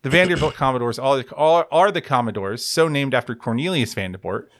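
A sports podcast co-host with a medium-pitched, animated voice talks briskly in casual sports chat. His style is wry and rambling, and he often corrects himself.

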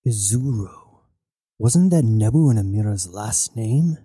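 A man's voice: lowish voice, expressive, measured pace, mellow, slightly rough, dry recording, studio quality. A man voicing a tense, haunted male ship captain who speaks tersely.

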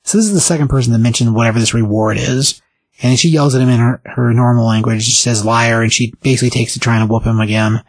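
A man casually recapping and reviewing a comic book as a podcast host, rambling and animated as he quotes the characters. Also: medium pitch, a little fast, husky, dry recording.

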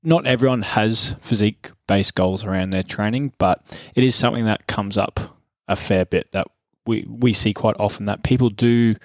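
A young man co-hosting a fitness podcast in a relaxed, joking way, laughing often. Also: fairly low pitch, normal speed, few pauses, no echo, clean studio sound. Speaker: podcast co-host, fitness coach. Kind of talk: casual chat.

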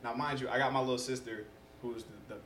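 A young man in casual conversation as a podcast guest, telling stories in an animated way and acting out what people said. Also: mid-range voice, quick pace, a little hiss or hum. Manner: animated storyteller who acts out quotes. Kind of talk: casual chat. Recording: roomy echo.

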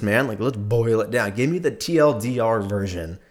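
A man's voice: mid-range voice, animated, moderate pace. A young man telling a rambling, profane story in a casual monologue, laughing often as he goes.

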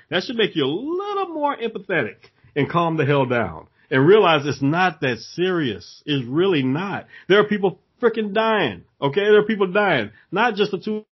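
A man co-hosting a podcast, chatting casually and telling a story with animated quotes and frequent laughs. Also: on the high side, husky, highs cut off.

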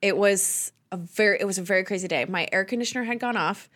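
A woman's voice: mid-range voice, fast, a bit bright. Woman chatting casually on a podcast. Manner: chatty, laughs along. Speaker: podcast co-host. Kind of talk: casual storytelling.

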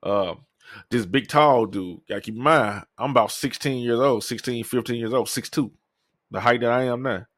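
A man's voice: mid-range voice, normal speed, a bit bright, dry recording, clean studio sound. A man hosting a podcast, telling a personal story in a loose, profane way and acting out what other people said. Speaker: podcast host. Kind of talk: casual storytelling.

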